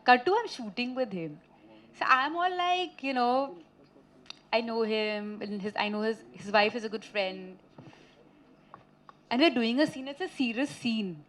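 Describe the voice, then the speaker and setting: A woman in her thirties from India, an actress chatting with reporters at a press meet, telling lively anecdotes and laughing often. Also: fairly high pitch. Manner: chatty, laughing, animated storytelling.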